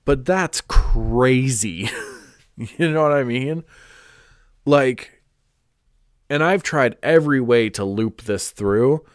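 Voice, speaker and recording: A man's voice: mid-range voice, slow pace, long pauses, no room sound, clean studio sound. A man chatting casually on a live stream, congested and rambling with lots of "like" and restarts. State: stuffed up, congested.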